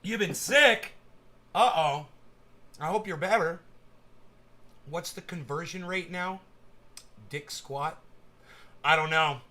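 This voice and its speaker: A man's voice: fairly high pitch, takes it slowly, pauses often, sharp tone. A man hosting a live stream, ranting casually with lots of swearing and stammered repeats. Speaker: livestream host. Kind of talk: casual livestream rant.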